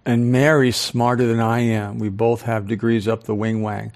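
An older man giving a live lecture to an audience as a speaker and professor, animated, often quizzing listeners with questions. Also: medium pitch, moderate pace. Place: club hall with a live audience.

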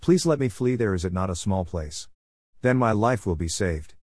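A man's voice: fairly low pitch, lively intonation, moderate pace, a little mellow, no echo, studio quality. A man reading the lines of an anxious man who pleads urgently. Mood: pleading. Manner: urgent, imploring.

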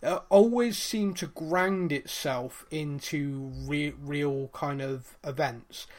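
Chatty man, slightly high voice. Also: slow pace. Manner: animated, rambling retelling with fillers and acted-out quotes. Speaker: podcast co-host. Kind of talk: casual chat recapping a TV series.

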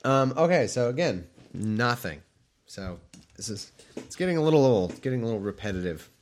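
A man's voice: medium pitch, expressive, normal speed, slight background noise. A man reading scripture aloud in a casual way, breaking off into joking, rambling asides. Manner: irreverent, joking, rambling, self-mocking. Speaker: scripture reader.

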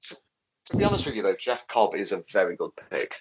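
A man with a fairly low voice chats eagerly, cursing now and then. The sound is dull and lo-fi with a faint hiss behind it, like an online call. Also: very animated, fast. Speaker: podcast co-host. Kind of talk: casual chat.

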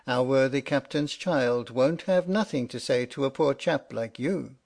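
A man plays a rough sailor who mocks a shipmate in a teasing way. The voice sits at a middling pitch, read aloud like a storybook. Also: a little slow, a little mellow. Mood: mocking. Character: scoffing rough male sailor. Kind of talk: audiobook reading.

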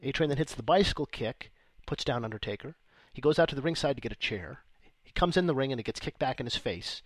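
A man co-hosting a casual comedy podcast, profane and quick to laugh, recapping a match play by play. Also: medium pitch, lively intonation, fairly bright tone, dry recording. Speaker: podcast co-host.

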